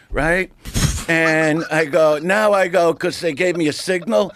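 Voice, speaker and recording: A man's voice: on the high side, unhurried, slight background noise. Brash, profane middle-aged man telling stories. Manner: brash, profane, animated storytelling with acted-out quotes. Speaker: podcast guest, comedian. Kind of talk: casual storytelling.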